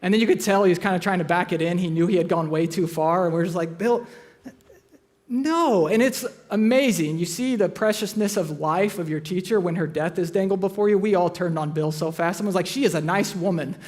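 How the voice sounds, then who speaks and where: High-voiced pastor telling jokey stories. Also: male voice, fast, hardly any pauses, a little mellow. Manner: conversational, joking with the congregation. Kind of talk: sermon with humorous personal stories. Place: church auditorium.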